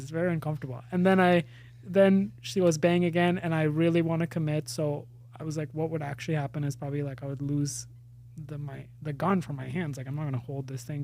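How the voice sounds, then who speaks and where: A man's voice: a little high, vocal fry, a little hiss or hum. A man in his thirties from India, an actor telling funny stories about himself in a casual chat, laughing as he goes. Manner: animated, self-mocking, laughs through stories. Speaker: actor and podcast guest.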